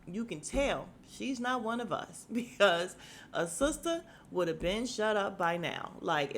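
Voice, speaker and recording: A woman's voice: mid-range voice, a little hiss or hum. A woman hosting a casual podcast, recapping a TV episode, acting out the characters' lines and laughing often. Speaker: podcast host.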